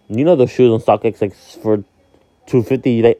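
A man's voice: medium pitch, animated, a little fast, warm tone, no room sound, dull audio. A man in his twenties from Miami talks casually on his vlog, rambling and candid, with many fillers and free swearing. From Miami, Florida. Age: 20s. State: sleepy, yawning. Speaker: vlog host. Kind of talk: casual monologue.

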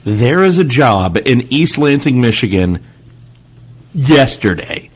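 A man co-hosting a sports podcast in casual chat, jokey and quick to laugh. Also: mid-range voice, husky. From North Carolina. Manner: animated, laughs often, jokey. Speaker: podcast co-host.

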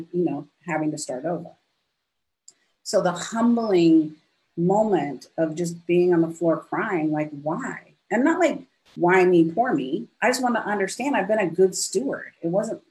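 A woman's voice: on the low side, normal speed, low-quality recording. A middle-aged woman, a business coach guest on a podcast, telling stories animatedly, acting out quoted dialogue and often tagging lines with "right?". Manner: expressive, acts out quoted dialogue, frequent "right?". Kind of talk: animated storytelling in conversation.

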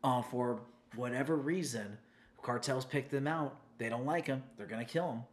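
A man's voice: medium pitch, normal speed. A man co-hosting a casual podcast, explaining at length in an earnest way. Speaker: podcast co-host.

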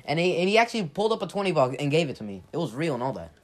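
A man's voice: fairly high pitch, sing-song, racing. A young man chatting casually, telling rambling, exaggerated stories. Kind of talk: casual chat.

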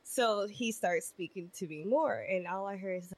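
A woman in her twenties telling a story in casual chat, animated and profane, acting out the people in it. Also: medium pitch, normal speed. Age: 20s. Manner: animated, profane, acts out voices in her stories.

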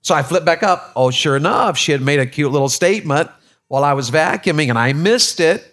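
Brisk and a bit bright, this fairly high, expressive voice belongs to a Tennessee man preaching in church. He keeps things folksy, trades jokes with the congregation, and tends to say things twice.

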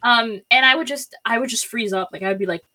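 A young woman tells a long personal story in an easy, chatty way. Her voice sits a little high and sounds bright and clear. She piles up fillers and slips into quoting others as she goes. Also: quick pace. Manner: rambling, filler-heavy, acts out quotes. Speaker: storyteller guest.

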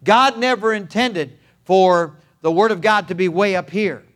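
A man's voice: high voice, unhurried, a bit bright. An older male pastor preaching a sermon with an emphatic, repetitive cadence.

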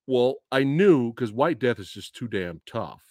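A man hosting a casual livestream movie review, excitable and profane, often bursting into high laughter. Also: unhurried, no echo, studio quality. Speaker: podcast host.

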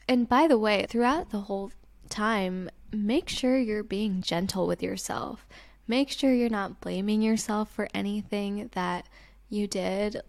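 Young female host, gentle and reassuring, personal advice talk, middle pitch. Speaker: podcast host.

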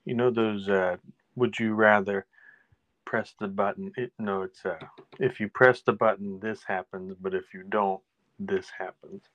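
Give me a soft-spoken, hesitant man reading out questions on a casual podcast. His voice sits in a middle range and comes through a dull, muffled mic with no room echo. He starts and restarts his sentences. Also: fairly low pitch, steady tone, unhurried. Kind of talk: casual comedic chat.

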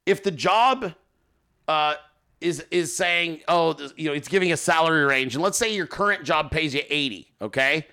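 A man hosting a podcast in casual, profane, joking chat, quick to laugh. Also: a little high, pushed and bright, clear, resonant tone. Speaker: podcast host.

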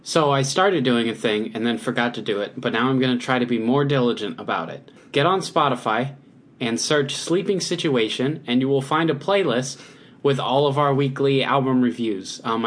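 A podcast co-host in casual chat, relaxed and easygoing in the banter. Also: mid-range voice, moderate pace.

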